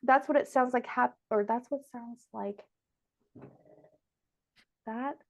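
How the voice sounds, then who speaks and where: Host, woman, young adult. Chatty, emotional, laughs often, slightly high voice. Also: slow, gravelly. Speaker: podcast host and medium. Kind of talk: casual conversation.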